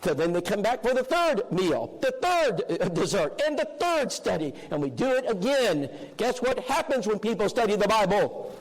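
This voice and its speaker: A man's voice: high voice, very animated, moderate pace, hardly any pauses, low-quality recording. A male preacher telling a story to his congregation, acting out the dialogue. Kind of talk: storytelling sermon lesson. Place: church, addressing a congregation.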